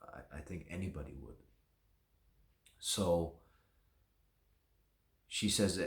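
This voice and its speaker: A man with a very low voice tells a personal story in a loose, reflective way, often doubling back on his words. The recording has a noticeable room echo. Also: takes it slowly, long pauses. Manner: rambling, reflective, self-correcting. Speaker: vlogger. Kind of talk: casual storytelling to camera. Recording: echoey room.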